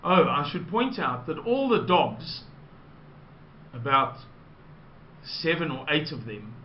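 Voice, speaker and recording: A South African man recounts a personal story in an unhurried, rambling way, at a deliberately slow pace and a slightly high pitch. The recording is roomy and a little dull, with a faint hiss under the voice.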